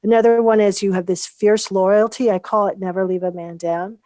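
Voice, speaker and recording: A woman guest in a casual interview, telling her story in an animated way and acting out the lines people said to her. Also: mid-range voice, a little fast, no room sound. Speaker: guest, founder of a coaching method.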